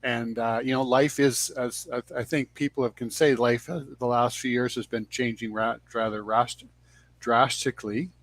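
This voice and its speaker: Middle-aged guy, coach guest on a video call, calm earnest talk, a few restarts. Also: medium pitch, normal speed, no room sound. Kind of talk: interview answers.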